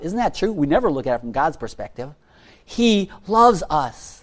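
A man preaching a sermon as pastor, earnest and pleading, firing off rhetorical questions and repeating words, sometimes dropping almost to a hush. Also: on the high side, very animated, normal speed.

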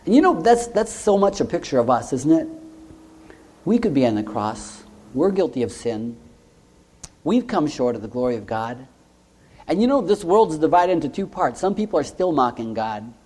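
Male preacher, earnest sermon delivery, a touch higher than usual, reads scripture, quiet emphasis. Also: big pitch swings, moderate pace. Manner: earnest, rhetorical questions, frequent "you know"; drops to soft, low tones on key points.

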